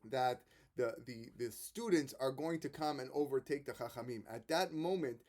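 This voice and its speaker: A man who is a rabbi giving a Torah lesson, retelling the stories with animated quoted voices and frequent restarts. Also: mid-range voice, normal speed.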